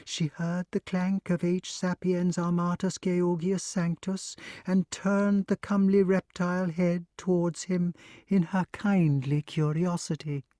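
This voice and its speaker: A man narrating an unabridged audiobook with measured, expressive storytelling. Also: high voice, no echo, clean studio sound.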